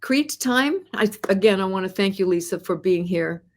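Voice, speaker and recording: Woman host, mid-pitched voice, live podcast; encouraging, keeps asking the viewers questions, repeats and restarts her phrases. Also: animated, moderate pace. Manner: encouraging, asks the audience many questions.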